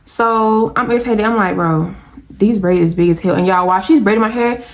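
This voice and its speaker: With a medium-pitched voice that runs a little fast, a young woman with an Atlanta accent from the American South shares a casual storytime vlog, talking directly to her viewers in an animated, exasperated manner.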